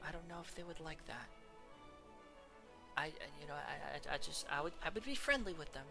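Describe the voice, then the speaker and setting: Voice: mid-range voice, expressive, brisk, gravelly, music in the background. A streamer chatting casually while ranking characters, laughing often and trailing off mid-sentence. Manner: giggly, rambling, trails off and restarts.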